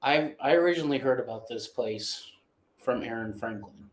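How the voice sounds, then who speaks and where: A man's voice: medium pitch, normal speed. Man, show host, casual live-stream chat, hesitant, roomy echo. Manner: hesitant, restarting phrases.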